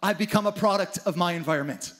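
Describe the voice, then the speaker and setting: A man's voice: high voice, quick pace, a bit bright. A man preaching a sermon with dramatic energy, acting out the story's characters in his own voice. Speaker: pastor.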